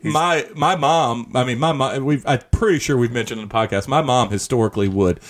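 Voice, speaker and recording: A middle-aged man hosting a podcast, telling profane stories in a casual, animated way. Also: mid-range voice, a little fast. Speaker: podcast host. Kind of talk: casual chat.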